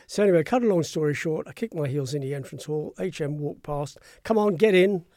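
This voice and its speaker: Older male guest raconteur, slightly high voice, dry close sound, brisk storytelling. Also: warm tone, no room sound. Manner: brisk raconteur who acts out quoted voices. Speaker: guest, former royal press spokesman. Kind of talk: anecdotal interview storytelling.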